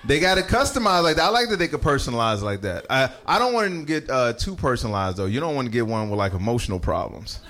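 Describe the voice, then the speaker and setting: A man's voice: mid-range voice, sing-song, fast, few pauses, a bit bright. A man doing a casual stand-up set, talking straight to the audience in a loose, profane way. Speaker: stand-up comedian.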